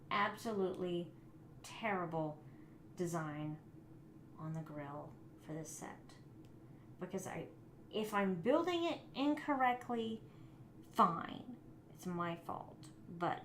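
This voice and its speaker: A woman's voice: medium pitch, lively intonation, slow pace, long pauses, echoey room, slight background noise. A woman hosting a live building stream, chatting casually and muttering in frustration as she builds. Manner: frustrated, muttering and often soft-spoken while building.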